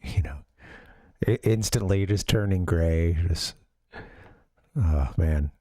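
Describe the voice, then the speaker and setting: Over game music, an American game streamer rambles through casual commentary in a low, slow, dark voice, packed with fillers and side remarks.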